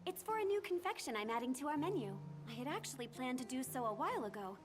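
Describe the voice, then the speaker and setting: A courteous, businesslike shopkeeper from a video game. Her voice sits high and moves lively across its range, each line delivered measured and polite. Game music plays clearly behind her. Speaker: restaurant owner giving a quest.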